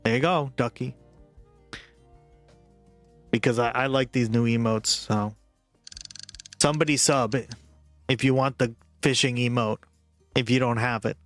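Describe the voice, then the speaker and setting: A man's voice: medium pitch, steady tone, measured pace, long pauses. A man livestreaming and chatting casually with viewers, rambling and full of "like" and "right?", with faint music behind him.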